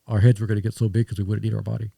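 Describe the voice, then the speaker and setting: A man's voice: lowish voice, little pitch movement, racing, vocal fry, mellow, husky, no echo, clean studio sound. A man talking as a podcast guest in casual conversation, reflective and rambling with restarts.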